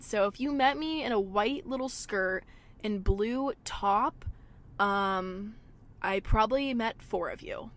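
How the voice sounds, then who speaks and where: A woman's voice: mid-range voice, unhurried, fairly bright tone. Chatty young woman swearing freely. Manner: chatty, swears a lot, heavy filler "like". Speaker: podcast host. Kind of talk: casual solo podcast chat. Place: parked car at a gas station.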